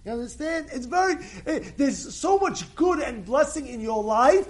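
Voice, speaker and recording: A rabbi with a strikingly high voice gives an informal Torah class to a live group at a normal pace, hammering his point home by repeating phrases. He's animated, sinking to near-muttered asides before surging into forceful, shouted exhortations, and he scatters Hebrew blessings throughout.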